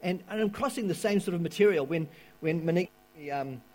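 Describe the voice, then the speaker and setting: Male pastor, mellow tone, a bit higher, hesitant sermon opener. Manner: halting, many restarts and fillers. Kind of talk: sermon opening.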